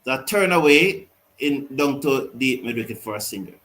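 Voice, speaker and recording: A man hosting a live cricket watch-along, mixing excited commentary with reading out viewer comments. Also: medium pitch, moderate pace, slight background noise, rough recording.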